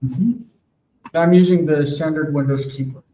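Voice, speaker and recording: A man teaching a Hebrew grammar lesson, explaining forms slowly and patiently and checking in with "okay?" as he goes. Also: a little high, steady tone, warm tone. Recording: echoey room, far from mic.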